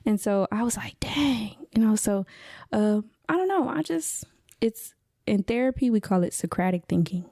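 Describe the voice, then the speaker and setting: A woman's voice: mid-range voice, animated, normal speed, gravelly, warm tone, no room sound, studio quality. A woman speaking as a podcast guest and therapist, telling a story casually with many fillers and frequent laughter. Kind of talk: casual conversation.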